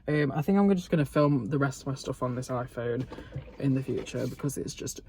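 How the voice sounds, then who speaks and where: A man's voice: medium pitch, fairly quick, darkish tone, a little hiss or hum. A young man vlogging, telling a gossipy story in a sweary, sarcastic way and laughing often, filmed on a phone camera. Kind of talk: casual storytelling mukbang.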